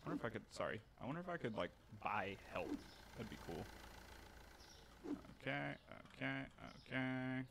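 A man giving casual gameplay commentary, narrating his own moves with animated mock outrage. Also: medium pitch, normal speed, creaky, slight background noise. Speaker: gaming streamer.

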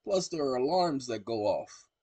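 A man hosting his own channel, talking to viewers in an animated, exclaiming, colloquial way. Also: medium pitch, moderate pace, husky, dry recording. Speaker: channel host. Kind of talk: casual commentary to viewers.

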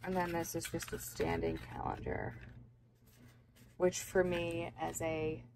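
Gravelly low young woman rambling. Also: very animated, measured pace. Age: young adult. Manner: rambling, chatty, many fillers. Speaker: planner vlogger. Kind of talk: casual unboxing chat. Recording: noisy background.

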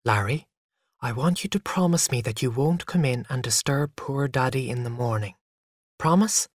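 A storyteller voicing a gentle young mother who coaxes her little son into a promise, in a storybook reading. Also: mid-range voice, expressive, normal speed, dry recording, clean studio sound, close to an everyday voice. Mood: gentle coaxing. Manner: gentle, coaxing.

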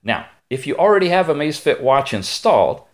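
A man giving a chatty hands-on product review, with playful asides and quick digressions. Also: fairly high pitch, big pitch swings. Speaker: tech reviewer.

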